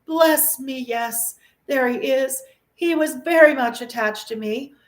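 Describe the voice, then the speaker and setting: A woman's voice: high voice, slow, pitched above the performer's own voice. A woman voicing an old male miser who exclaims eagerly and a little breathlessly, in a storybook reading. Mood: fond. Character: old male miser, wistful and easily stirred. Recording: echoey room.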